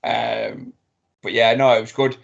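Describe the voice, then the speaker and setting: Gravelly low dude rambling excitedly on a podcast, swears a bit. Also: male voice, a little slow, highs cut off. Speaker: podcast co-host. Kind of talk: casual chat.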